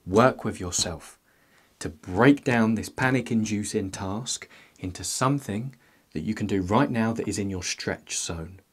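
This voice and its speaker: Low husky-voiced young man, playful. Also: unhurried. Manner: playful, jokey asides. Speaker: self-help YouTuber. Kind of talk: scripted self-help monologue.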